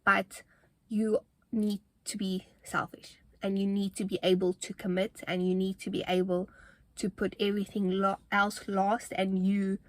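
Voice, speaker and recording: A young woman talks straight to her viewers in a relaxed vlog, her voice sitting in a mid range. She is earnest and motivational, with plenty of fillers and restarts, and a little out of breath as she goes. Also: medium pitch, normal speed, dry recording. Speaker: fitness vlogger. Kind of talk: casual talking-to-camera vlog.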